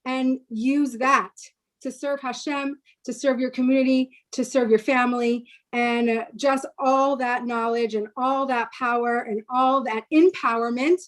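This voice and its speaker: A woman's voice: high-pitched, fairly even intonation, unhurried. A woman panelist on a video call, speaking earnestly and reflectively on a spiritual topic and repeating words for emphasis.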